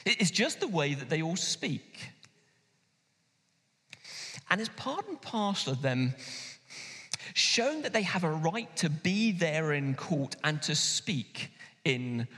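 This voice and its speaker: Male pastor, bright higher voice, animated emphatic sermon, long hall reverb. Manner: animated, emphatic preaching with sudden pauses and slowdowns. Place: church hall.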